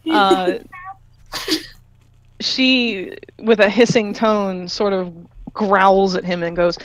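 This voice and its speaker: A woman's voice: mid-range voice, steady tone, takes it slowly, dry recording. A woman running a tabletop game as game master, narrating loosely with fillers and small laughs.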